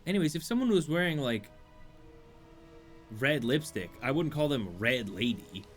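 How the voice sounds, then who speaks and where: A man giving wry, rambling let's-play commentary that drifts off topic. His voice swings widely in pitch, with faint game music beneath. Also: big pitch swings, moderate pace. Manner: rambling, wry, easily sidetracked. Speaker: streamer.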